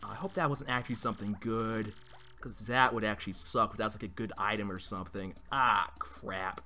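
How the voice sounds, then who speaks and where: A man's voice: on the low side, steady tone, normal speed, bright, forceful tone, a little hiss or hum. A man playing a video game for the first time and commenting, crude and joking, swearing and taunting enemies. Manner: crude, joking, trash-talking, swears a lot; mock-taunts enemies in bursts. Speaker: let's play gamer. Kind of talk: blind playthrough commentary. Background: faint game music.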